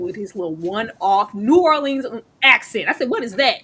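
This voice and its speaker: A woman co-hosting a casual TV recap discussion, animated and laughing, jumping high in pitch when she quotes the characters. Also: normal speed, few pauses, breathy edge. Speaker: podcast co-host.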